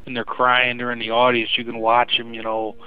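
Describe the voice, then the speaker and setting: A man's voice: medium pitch, completely flat delivery, a little fast, narrow, tinny audio, faint music behind. A man leaving a rambling, profane voicemail rant, saying "you know" again and again. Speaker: voicemail caller. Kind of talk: crude ranting.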